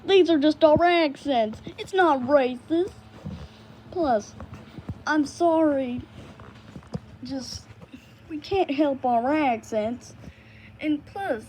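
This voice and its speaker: A woman's voice: sits high, slow pace, darkish tone. A young woman voicing a female briar patch critter, begging over and over in a melodramatic way, in a noisy home recording. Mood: desperate.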